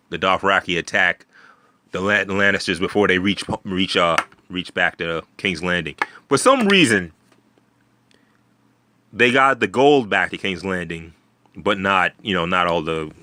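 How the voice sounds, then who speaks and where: A man with a deep voice and a forceful, bright edge talks through a TV episode. He rambles, restarts sentences and swears casually. The recording is dry, with no room sound. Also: dry recording. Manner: rambling, many fillers and restarts, swears freely. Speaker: video host.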